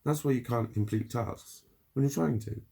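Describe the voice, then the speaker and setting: A man's voice: medium pitch, normal speed, creaky, warm tone, slightly rough. A man rambling casually in a spoken video diary, swearing often and laughing between thoughts. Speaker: vlogger.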